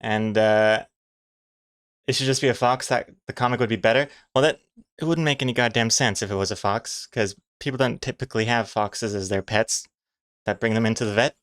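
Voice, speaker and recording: A man's voice: lowish voice, fairly even intonation, fairly quick, fairly bright tone, clean tone, no room sound, clean studio sound. A man chatting casually and joking at his own expense while he draws comics on a live stream, reading chat messages aloud. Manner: self-mocking, jokey, reads chat aloud.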